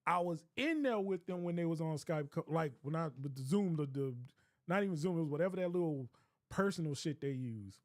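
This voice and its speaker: Rambling man, high voice. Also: lively intonation, fairly quick, a little mellow, dry recording, clean studio sound. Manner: rambling, profane, laughing often. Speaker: streamer. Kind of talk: casual storytelling.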